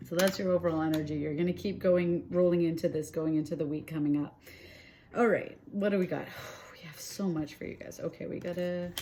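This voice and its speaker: A woman giving a casual tarot reading. She is chatty and animated, often checks in with "okay?" and "right?", and acts out inner thoughts in quoted asides. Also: lowish voice, brisk, a little hiss or hum. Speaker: tarot reader.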